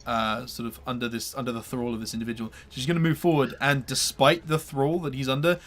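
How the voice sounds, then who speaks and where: Hesitant game master with a bright voice. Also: male voice, mid-range voice, little pitch movement, fast talker. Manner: hesitant, many fillers and restarts. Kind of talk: narrating a tabletop game.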